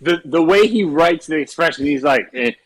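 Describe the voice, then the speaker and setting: A young man chatting on a podcast, excitable and laughing, swearing casually as he reacts. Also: on the high side, moderate pace, rough recording. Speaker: podcast co-host. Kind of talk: casual chat.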